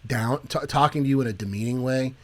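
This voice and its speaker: A man co-hosting a Christian podcast in casual chat, jumping from animated joking to earnest preaching. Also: medium pitch, a little fast. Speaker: podcast co-host.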